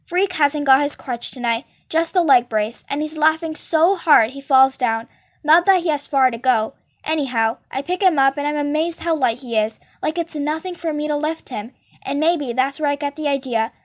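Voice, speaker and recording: A woman reading a novel aloud in a lively first-person narration. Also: high voice, moderate pace. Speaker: storybook reader.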